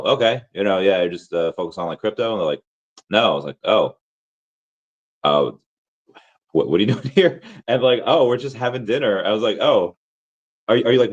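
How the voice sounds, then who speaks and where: A man with a hoarse, worn-out voice, chatting casually and rambling with many restarts and fillers as a crypto vlogger. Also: on the low side, highs cut off. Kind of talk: casual chat.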